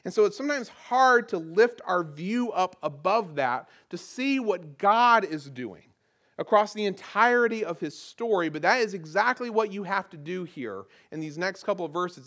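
A middle-aged pastor from the Southern United States, with a Southern American accent, preaches a conversational sermon. His voice sits high with a fairly bright tone, and he often repeats words as he restarts a phrase.

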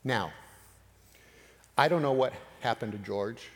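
A man preaching, telling a personal story with animated retelling of dialogue. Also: mid-range voice, slow. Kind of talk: sermon storytelling. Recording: long hall reverb.

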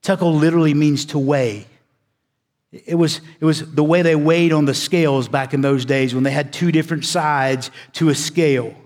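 Man preaching in a reverberant church hall. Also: fairly even intonation. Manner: preaching with dramatic pauses, swings between loud emphasis and hushed low delivery. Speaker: pastor. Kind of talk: sermon.

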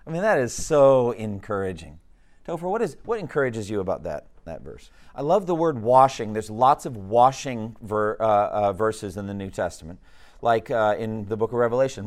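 A man's voice: fairly low pitch, lively intonation, normal speed, a little mellow. A man teaching a Bible class in a conversational, emphatic way, often asking the class questions.

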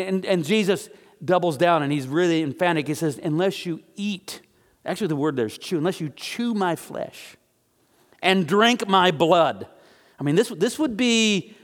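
Man preaching in a reverberant hall. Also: a little high. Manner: conversational preaching, acting out biblical voices, slowing for emphasis. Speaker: pastor. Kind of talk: sermon.

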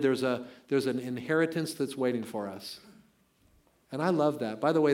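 A middle-aged man preaching a conversational, emphatic sermon as pastor in a church sanctuary. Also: a little high.

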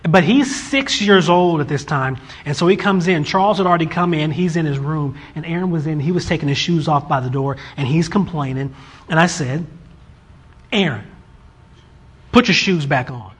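A man in his forties, a father casually telling a story about raising his sons, animated and acting out his kids' voices. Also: a little high, fairly quick, slightly rough. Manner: animated, acts out his children's voices in quotes.

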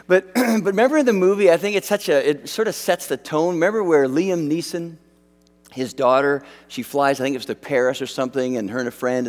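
A male pastor delivers a sermon in a lively, swooping voice that sits a little high for a man. He talks casually to his congregation, circling back and restarting his phrases. His words ring out with a long echo through the church hall. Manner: conversational, animated, many restarts and fillers.

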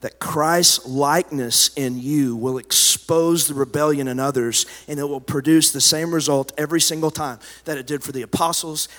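Animated preacher in a reverberant hall. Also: male voice, on the high side. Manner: animated, swings from loud preaching to quiet storytelling. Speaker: pastor. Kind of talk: sermon. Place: church sanctuary. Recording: live church hall with long reverb.

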